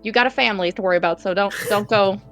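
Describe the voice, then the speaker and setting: A woman taking part in a tabletop game session, her pitch sitting in an ordinary middle range. She talks haltingly, with many fillers and restarts, and laughs a lot. Faint music plays in the background. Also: fairly bright tone. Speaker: player. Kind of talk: casual tabletop game chat.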